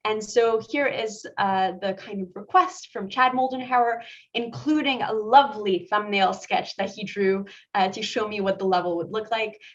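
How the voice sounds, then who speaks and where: A woman's voice: mid-range voice, moderate pace, lo-fi sound. A woman concept artist giving a chatty presentation talk about her slides, full of asides and fillers.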